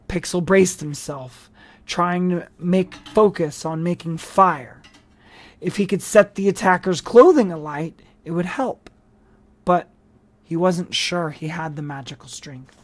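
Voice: medium pitch, measured pace, a little mellow, no room sound. An audiobook reader narrating a novel with casual asides and small restarts. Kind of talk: storybook narration.

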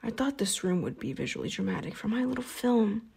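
A woman reading an audiobook, voicing a cruel male vampire hunter who speaks in a soft, pleasant, taunting way. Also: mid-range voice, big pitch swings, a little fast, vocal fry, husky, heavily acted.

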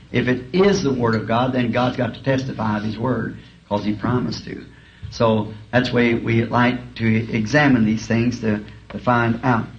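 A male preacher telling humorous, folksy stories in a sermon, chuckling as he talks. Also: medium pitch. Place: school auditorium. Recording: dull lo-fi archive tape, faint hiss.

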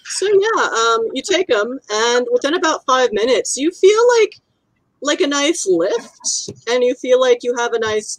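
A woman's voice: high voice, no room sound, poor audio. Chatty woman game master, dry sound. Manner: chatty, descriptive, many fillers. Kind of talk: narrating a tabletop role-playing game.

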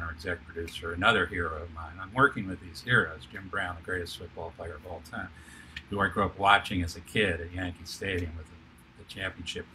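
Older male TV producer as guest; low-ish, very bright voice, lively storyteller. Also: slight background noise. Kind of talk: animated anecdotal storytelling.

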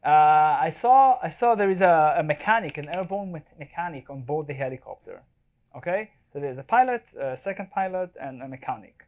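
A man's voice: fairly high pitch, expressive, a little fast, narrow, tinny audio. Male presenter, photographer at a live event, casual and jokey, keeps asking the room if they follow. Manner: chatty, jokey, checks in with the audience. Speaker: wildlife photographer giving a talk. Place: event space before a live audience.

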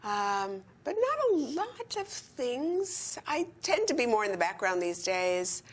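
An older woman, an interview guest in a retirement community, chats enthusiastically in quick bursts. Her fairly high voice is very animated.

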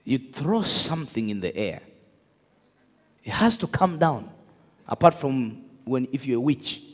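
Pastor preaching with lively pitch. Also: male voice, a little slow. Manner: animated storytelling, laughs, shouts to the crowd. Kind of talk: sermon. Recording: echoey hall with long reverb.

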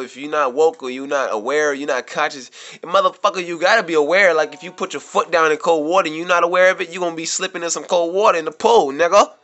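A man's voice: on the high side, fairly bright tone. A man telling a rambling, profane story straight to camera as a vlogger, repeating himself and getting worked up as he goes. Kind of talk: casual storytelling monologue. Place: New York City.

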